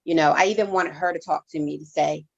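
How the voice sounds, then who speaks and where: A woman reverend shares her testimony as an interview guest, her voice gravelly and a touch low. She speaks in a halting, heartfelt way, often restarting her sentences. The recording is dull and lo-fi. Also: steady tone. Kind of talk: emotional personal testimony.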